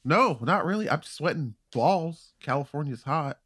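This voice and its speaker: A man co-hosting a comedy podcast, rambling and profane, with halting restarts. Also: a little high, lively intonation, a bit bright, dry recording, clean studio sound. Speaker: podcast co-host. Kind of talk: casual comedy podcast chat.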